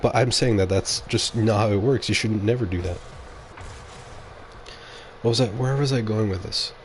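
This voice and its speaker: A man's voice: lowish voice, moderate pace, slight background noise. A man streaming a game and talking casually to his audience, rambling and opinionated and often correcting himself mid-sentence. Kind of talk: casual livestream monologue.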